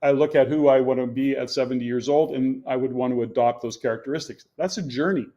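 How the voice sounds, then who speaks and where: A man in his sixties speaks with an earnest, emphatic storytelling manner, his voice sitting at an ordinary middle pitch. The recording has a slightly dull, lo-fi quality. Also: fast talker, dark tone. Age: 60s. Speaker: podcast guest, real estate coach. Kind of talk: conversational interview.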